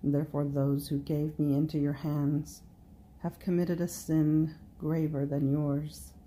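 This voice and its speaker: Woman reading jesus, calm and gentle, slow low voice. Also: slight background noise, poor audio.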